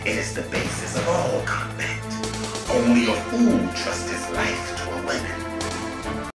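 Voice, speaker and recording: An actress voicing a stern veteran female soldier mentor in a video game cutscene, speaking low and hushed. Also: very animated, a little slow. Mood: solemn. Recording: echoey game clip over loud music.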